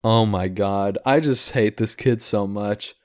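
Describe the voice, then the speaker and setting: A man's voice: lowish voice, unhurried, darkish tone, slight background noise. A man hosting a casual reaction commentary, ranting with disapproval and leaning on fillers and restarts. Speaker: commentary host.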